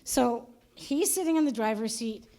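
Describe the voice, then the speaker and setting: A woman's voice: fairly high pitch, lively intonation, moderate pace, dark tone. A woman performing a stand-up comedy set, telling a story and acting out the voices of her family. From Canada. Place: live show venue with audience.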